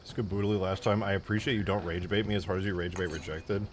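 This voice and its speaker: A man's voice: sits low, fairly even intonation, fast, hardly any pauses, background noise. A young man streaming while he mods a game, casually ranting and swearing as he talks to his chat.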